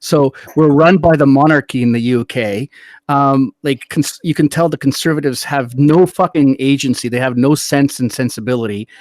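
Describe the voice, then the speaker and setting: A man's voice: medium pitch, moderate pace, darkish tone, dry recording. A middle-aged man hosting a casual political chat, rambling and swearing heatedly as he tells stories. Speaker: podcast host.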